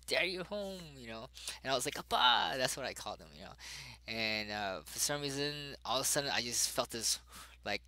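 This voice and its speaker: Halting, bright-voiced man telling a story. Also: mid-range voice, poor audio. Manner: halting, full of fillers and restarts. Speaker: father telling a personal story. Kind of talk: personal storytelling.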